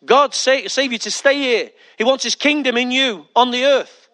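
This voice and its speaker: A male pastor delivers a sermon in a high voice. He is emphatic, drives his points home by repeating them, and keeps asking the congregation questions. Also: normal speed, pushed and bright.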